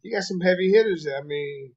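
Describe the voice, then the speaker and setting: A man's voice: sits high, a little fast, a little mellow. Coaxing man over dull lo-fi audio. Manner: coaxing, pleading, talking over others. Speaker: tournament organizer on a livestream panel. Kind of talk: persuasive livestream chat.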